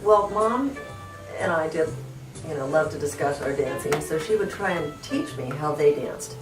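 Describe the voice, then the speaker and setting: Animated woman recounting family dance lessons. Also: low-pitched, normal speed. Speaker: daughter. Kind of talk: storytelling in a family interview. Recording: roomy, distant mic, music behind.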